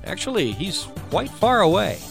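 A male podcast host reads a scripted intro in a high, very lively voice. His pitch swings widely. Faint music plays behind him. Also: normal speed, gravelly.

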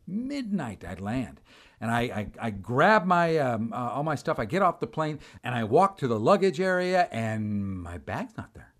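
Animated man telling a sermon story. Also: medium pitch. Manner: animated, acts out dialogue, repeats words. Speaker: preacher.

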